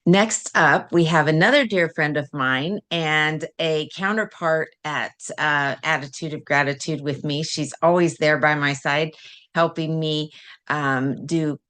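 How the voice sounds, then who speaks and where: A woman hosting a live panel who introduces speakers graciously, rambling a little and pausing often with fillers. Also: deep voice, a bit bright. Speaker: host and minister introducing speakers.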